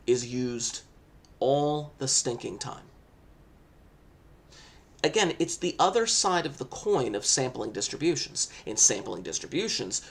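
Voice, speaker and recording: A man teaching a statistics lesson, talking in an animated, jokey and emphatic way. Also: medium pitch, vocal fry. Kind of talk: classroom lecture.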